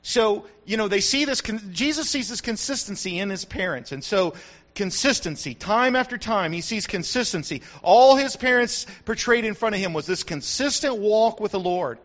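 A man's voice: high voice, expressive, normal speed, a bit bright, dull audio. An older man from the United States, a grandfather and pastor, preaching a sermon with repetition and rising emphasis.

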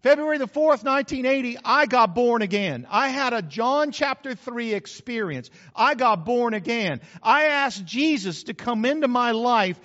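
A man's voice: extremely high pitch, lively intonation, normal speed, few pauses, a bit bright. A middle-aged man preaching a conversational sermon, talking directly to his congregation and repeating key phrases for emphasis. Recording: muffled hall recording with long reverb.

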